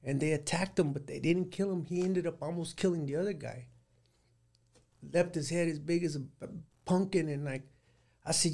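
Middle aged guy, gravelly kinda high voice, rambling and plain-spoken, just telling his story in an interview. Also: moderate pace, a little mellow. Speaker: guest recounting prison life.

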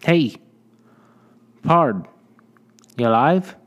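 A man's voice: mid-range voice, normal speed, natural voice. A man voicing a jovial, mustached frontier trader with a hearty, folksy way of talking. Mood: calling out. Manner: hearty, folksy drawl, chuckling. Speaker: trading post owner.

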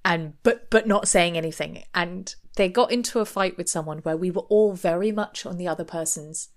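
A woman co-hosting a podcast in casual chat, telling stories in a lively way and acting out quotes. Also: lowish voice, normal speed. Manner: lively storytelling, acts out quotes, laughs often. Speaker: podcast co-host.

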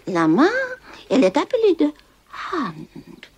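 A woman's voice: high voice, wildly swooping pitch, measured pace, a little mellow, slightly rough, dull audio, exaggerated voice. An actress playing a French lady-in-waiting who teaches her mistress English, speaking with a French accent in a period film. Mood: deferential.

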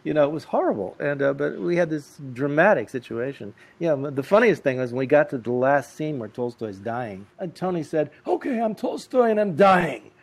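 A man telling lively, comic anecdotes as an interview guest. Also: mid-range voice, fairly quick, hardly any pauses. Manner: lively, animated, comic timing. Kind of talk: anecdotal storytelling.

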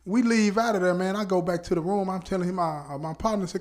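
A man hosting a podcast, telling a story in a casual, animated way, laughing often and checking in with his listeners. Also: sits high, fast, hardly any pauses. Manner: animated, laughs often, peppers speech with "you know what I'm saying". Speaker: podcast host.

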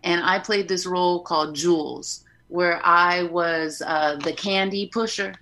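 Animated, laughing woman telling stories. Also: fairly low pitch, measured pace. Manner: animated storyteller, laughs often, acts out quotes. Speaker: podcast guest, haunt performer. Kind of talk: casual interview chat.

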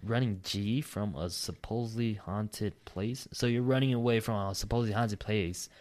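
Male podcast host, lower voice, reads listener stories aloud with crude, laughing asides. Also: normal speed, a little mellow. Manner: profane, laughing asides between read lines. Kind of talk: casual podcast chat, reading aloud.

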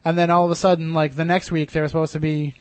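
Fast-talking male radio host. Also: fairly high pitch, little pitch movement, dry recording. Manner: quick, chatty, rambling with restarts. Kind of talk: casual radio chat.

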